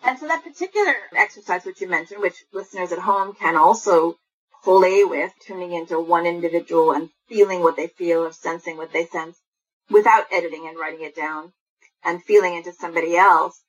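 Breathy woman radio host. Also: lowish voice, a little fast, lo-fi sound. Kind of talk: radio interview.

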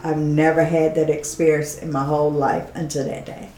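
A woman, a guest on an interview show, giving a heartfelt personal testimony as an animated storyteller who laughs often and drops to a hush when quoting others. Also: low voice, moderate pace, reverberant, slight background noise.

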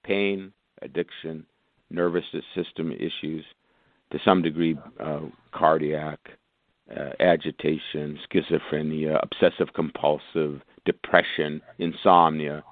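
A man's voice: little pitch movement, measured pace, dry recording. Man doctor on a dry phone line. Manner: rambling, lists conditions, bursts of higher pitch. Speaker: guest doctor. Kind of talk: phone-in radio interview. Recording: phone-like narrow band, dry.

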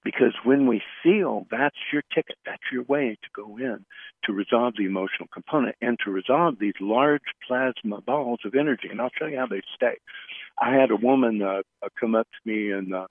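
A man's voice: medium pitch, husky, no echo. Earnest man on a tinny phone line. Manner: earnest, halting, circling back on phrases. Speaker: radio show guest, flower remedy practitioner. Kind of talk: storytelling in a radio interview.

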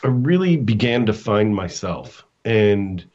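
A middle-aged man, a coach and guest, telling a personal story in a halting way, with restarts and acted-out quotes. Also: fairly low pitch, big pitch swings, a little mellow, lo-fi sound. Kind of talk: storytelling in a casual interview.

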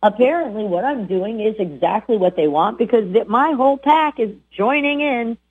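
A woman's voice: on the high side, expressive, normal speed, husky. A woman voicing a puzzled dog that thinks aloud to itself in a plain, earnest way. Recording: tinny phone-like sound.

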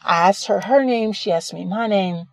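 Speaking at normal speed in a mid-range voice with no echo, a female podcast host rambles through a personal anecdote. She keeps it conversational, frequently fixing her wording partway through sentences.

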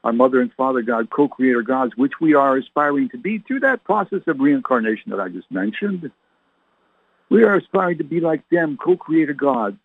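A man's voice: mid-range voice, lively intonation, fairly quick, husky, dry recording. A man preaching as a reverend, firing rhetorical questions at his listeners and calling them his friends. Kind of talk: radio sermon. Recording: tinny phone-like radio sound, dry.

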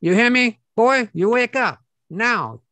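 Bossy old filipino grandma voice, high and loud, scolding. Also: female voice, lively intonation, slow pace, dry recording. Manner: scolding, commanding.

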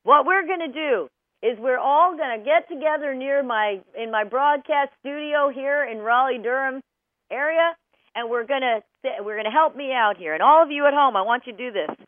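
A woman's voice: high-pitched, moderate pace, no echo, phone-quality sound. A woman hosting a radio talk show from a broadcast studio, giving dog training advice in an emphatic way and speaking straight to the listeners. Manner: animated, emphatic, addresses listeners directly.

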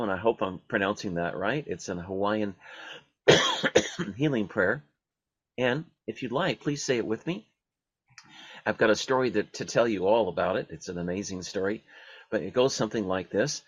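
A man hosting a radio talk show, talking in a halting way with many fillers and restarts. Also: fairly low pitch, lively intonation, husky, no echo, highs cut off.

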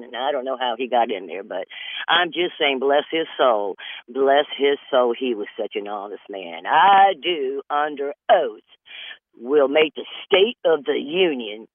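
A man's voice: medium pitch, no room sound. An older man doing a rambling comedy monologue, drifting between topics with wry asides and a repeated "I'm just saying.". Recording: dry, tinny phone-like radio audio.

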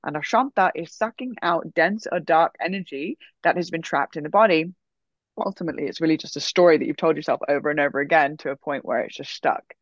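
A woman telling a personal story in a casual, animated way, full of fillers. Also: sits low, brisk, dry recording. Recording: dull, dry sound.

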